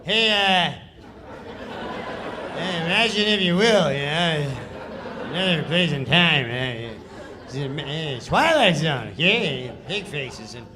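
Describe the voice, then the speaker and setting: A man's voice: on the high side, lively intonation, takes it slowly, long pauses, background noise. A man imitating a laid-back male comedian who mumbles and rambles through his lines. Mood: lazy.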